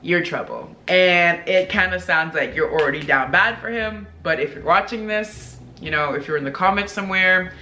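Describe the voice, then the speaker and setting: A woman's voice: on the low side, moderate pace, few pauses, bright, forceful tone, roomy sound, slight background noise. A woman vlogger talking casually to her viewers, chatty and full of "like", with big upward swoops in her voice. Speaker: vlogger reading viewer confessions. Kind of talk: casual chat.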